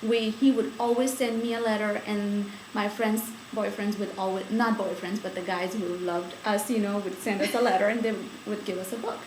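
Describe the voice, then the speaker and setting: A woman's voice: medium pitch, fairly even intonation, moderate pace, hardly any pauses, darkish tone, roomy sound, a little hiss or hum, low-quality recording. A woman from India, recalling her school days in an oral history interview, chatty and laughing often. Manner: chatty, laughing storyteller with many fillers.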